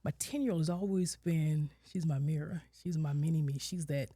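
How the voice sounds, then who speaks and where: Candid woman, low mellow voice. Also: normal speed, husky, no room sound, clean studio sound. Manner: candid, quotes herself and her kids with lively shifts, drops to soft near-whispers. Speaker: guest, licensed clinical social worker. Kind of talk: emotional personal storytelling. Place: podcast studio.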